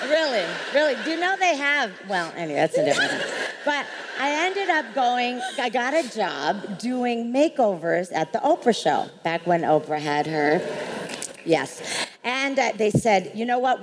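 A woman telling a lively story on a live panel, laughing often and acting out the voices. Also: medium pitch, big-room sound. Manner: animated, laughing, acts out voices. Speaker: panel guest. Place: large hall before an audience.

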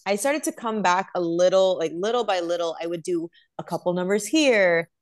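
A young adult woman, a professional dancer, telling stories in an animated, chatty way as an interview guest. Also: lowish voice, normal speed. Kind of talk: casual interview chat.

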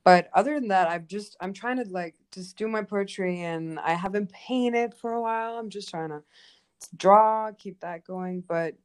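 A woman's voice: mid-range voice, moderate pace, clean tone. A young woman artist of Kurdish background talking casually and expressively, with many fillers. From Kurdish family background. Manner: animated, expressive, lots of fillers. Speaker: art teacher and painter. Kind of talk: casual conversation.

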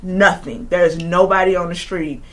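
A woman's voice: lowish voice, steady tone, normal speed. A young woman casually telling a story as a podcast co-host. She swears freely and acts out her own quotes.

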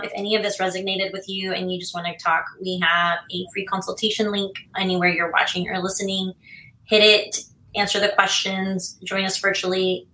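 A woman's voice: mid-range voice, sharp tone, reverberant, a little hiss or hum, low-quality recording. A woman co-hosting a relationship podcast, talking casually in an emphatic, coaching way. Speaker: podcast co-host.

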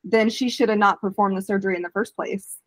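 A woman's voice: mid-range voice, fairly even intonation, fast talker, no echo. Sympathetic woman podcast host. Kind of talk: interview questions.

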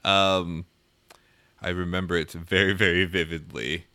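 A man co-hosting a casual movie chat in a low, bright, forceful voice. He sounds jokey and enthusiastic. The sound is dry and close. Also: fairly even intonation, unhurried, dry recording. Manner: jokey and enthusiastic, laughs between remarks. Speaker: podcast co-host.

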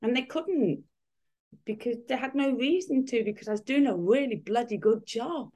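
A woman's voice: a little high, animated, moderate pace, a little mellow. Woman in her fifties, rambling. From United Kingdom. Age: 50s. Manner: rambling, many restarts and fillers. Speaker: guest. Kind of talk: casual interview chat.

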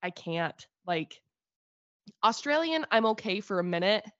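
A young woman from Utah co-hosting a casual podcast, rambling and animated and poking fun at herself. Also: medium pitch, a little slow, dry recording, highs cut off. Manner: rambling, animated, self-deprecating. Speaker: podcast co-host. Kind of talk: casual chat.

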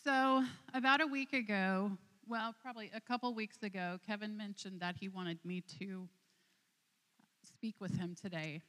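A woman in her forties speaking at a church service, telling stories at a slow, deliberate pace. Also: mid-range voice, fairly even intonation, fairly bright tone. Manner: slow storytelling, acts out characters in a joke. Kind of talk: sermon with a told joke. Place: church sanctuary. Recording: long reverb of a large hall.

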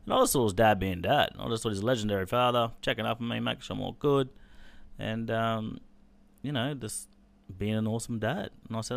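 A man, telling a painful personal story on a podcast in a halting, sombre way, with swearing. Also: fairly low pitch, gravelly. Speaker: podcast host.

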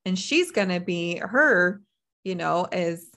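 A woman's voice: lowish voice, lively intonation, slow pace, fairly bright tone. A woman in a casual interview, chatty and encouraging as she offers suggestions.

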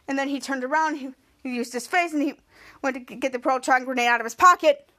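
High-voiced woman rambling through a recap. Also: fast, bright, forceful tone, no echo. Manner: rambling, repeats "cut to" with questioning "hmm?" fillers. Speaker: podcast host. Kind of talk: casual TV episode recap.

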